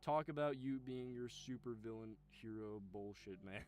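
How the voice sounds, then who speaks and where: A man's voice: medium pitch, normal speed, darkish tone, soft background music, close to an everyday voice. A man voicing an exasperated, sweaty man who complains about the heat in a muttered voice.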